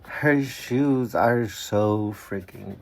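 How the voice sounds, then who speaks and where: A young woman in a casual vlog, excitedly gushing over dolls and swearing freely. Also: rumbling low, extremely slow. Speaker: doll collector vlogger. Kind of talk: casual unboxing chat.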